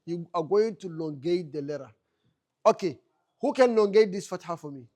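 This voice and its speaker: A man with a high-pitched voice teaches a class in a mosque classroom. He keeps asking the students questions and then answers them himself. He repeats his key points to drive them home. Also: brisk, a little mellow. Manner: repeats key phrases for emphasis. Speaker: Arabic teacher. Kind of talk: classroom lecture.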